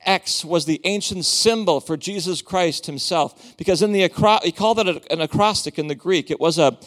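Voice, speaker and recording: A man preaching as a guest speaker, animated and joking with the congregation. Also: high-pitched. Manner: animated, theatrical, joking with the crowd. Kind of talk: sermon with book promotion. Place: church hall.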